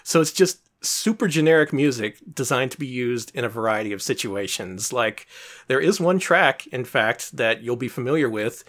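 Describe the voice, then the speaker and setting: A man's voice: mid-range voice, lively intonation, moderate pace, a bit bright. A man co-hosting a casual podcast about retro games, explaining things in a wry, chatty way and laughing often. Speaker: podcast co-host.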